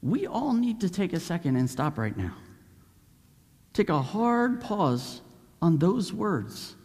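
Man, preacher, high voice, animated, acts out voices, long hall reverb. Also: takes it slowly. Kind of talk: sermon.

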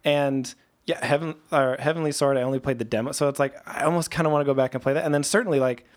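A man's voice: mid-range voice, steady tone, quick pace. A man co-hosting a podcast in casual chat, easygoing and rambling with plenty of fillers. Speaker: podcast co-host.

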